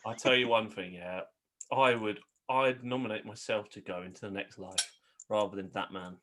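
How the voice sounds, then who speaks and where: A man's voice: fairly low pitch, fairly even intonation, normal speed, fairly bright tone. A man co-hosting a podcast, swearing and joking casually. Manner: sweary, jokey, slips into put-on accents. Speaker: podcast co-host. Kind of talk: casual banter.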